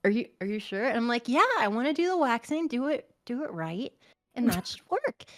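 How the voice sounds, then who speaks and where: Brief: high-voiced woman streamer, lively storyteller, acts out every quote. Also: fairly quick. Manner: animated storyteller, acts out quotes, swears, laughs often. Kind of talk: casual chat.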